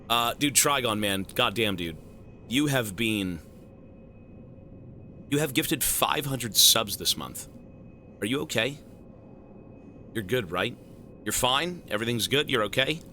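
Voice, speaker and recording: A male streamer thanking donors and joking with his live chat in a profane, animated way. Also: mid-range voice, slight background noise.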